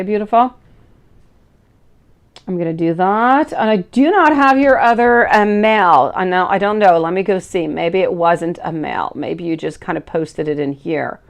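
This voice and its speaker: A woman in her thirties reads tarot cards on a live stream, talking to viewers in a chatty, affectionate way. She keeps calling them sweetie and beautiful. Her voice sits at an ordinary middle pitch for a woman. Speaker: tarot reader.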